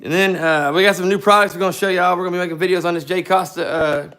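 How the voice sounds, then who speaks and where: A man's voice: sits high, steady tone, rapid-fire, a bit bright. A man co-hosting a scooter garage live stream, chatting in a loose, joking, rambling way. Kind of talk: casual live-stream chat.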